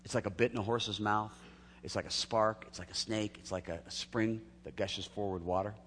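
A man preaching in a somewhat low voice, easygoing and chatty rather than formal. His voice carries a long reverb, as if the sound fills a large church hall. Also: steady tone, brisk, fairly bright tone, a little hiss or hum. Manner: conversational preaching with acted quotes and laughs. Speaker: pastor. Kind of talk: sermon.

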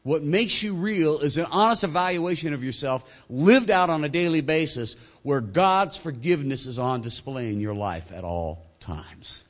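A male pastor delivering a sermon, swinging between loud emphatic points and quiet, low asides. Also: expressive, moderate pace, few pauses.

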